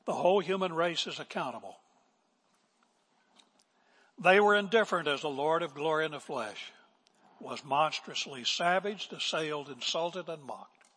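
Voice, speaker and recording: An older man preaching a sermon as pastor, swinging from emphatic declarations to hushed asides. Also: on the high side, lively intonation, normal speed, pauses often, breathy edge. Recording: long reverb of a large hall.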